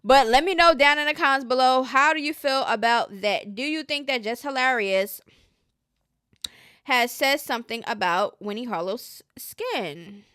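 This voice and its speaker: A woman's voice: high-pitched, unhurried, fairly bright tone, clean tone, no room sound, clean studio sound. A woman hosting casual gossip commentary, chatty and slangy, often trailing off with hesitant asides.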